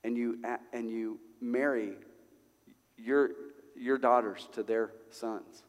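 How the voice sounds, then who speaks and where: A male preacher voicing a scheming ancient prophet who lays out a plan in a low, hushed, conspiratorial tone, in a reverberant hall. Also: steady tone, slow, close to an everyday voice.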